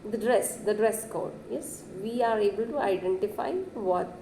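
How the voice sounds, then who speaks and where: A woman giving a classroom lecture, who keeps saying "yes" and pushes her pitch up to stress words. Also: moderate pace, vocal fry, dark tone, roomy sound, a little hiss or hum, rough recording.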